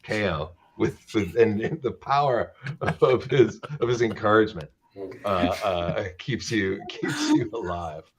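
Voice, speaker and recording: A man running a tabletop role-playing game as dungeon master, talking in halting bursts with many restarts. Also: on the low side, animated, slight background noise.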